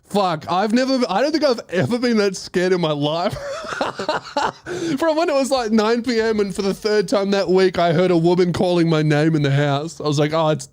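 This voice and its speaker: Animated high-voiced man telling a story. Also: normal speed, no room sound. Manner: animated, swearing, laughing, acting out voices. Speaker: comedian host telling a story. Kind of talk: casual podcast storytelling.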